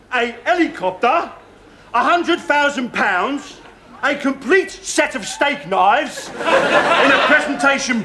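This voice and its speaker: An actor playing a loud, blustering escaped madman in a sitcom who keeps tagging "right?" onto his threats. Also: very high voice, noisy background. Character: violent escaped criminal madman, male, menacing and absurd. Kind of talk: sitcom acting. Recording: TV sitcom with audience laughter.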